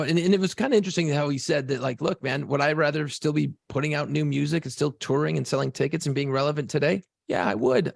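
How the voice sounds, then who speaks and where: Gravelly, husky male podcast co-host. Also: on the high side, no echo. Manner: profane, storytelling, animated. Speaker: podcast co-host, former radio DJ. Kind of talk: casual chat.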